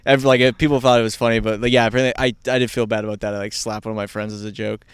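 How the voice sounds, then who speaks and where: Smooth-voiced man telling a story. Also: fairly low pitch, level tone, very fast, no echo, clean studio sound. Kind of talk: casual storytelling.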